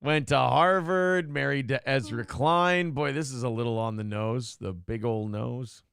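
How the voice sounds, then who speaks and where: A man co-hosting a talk show, ranting in a sarcastic, animated way. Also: mid-range voice, unhurried, gravelly, smooth, no echo, clean studio sound. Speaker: co-host. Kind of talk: casual chat.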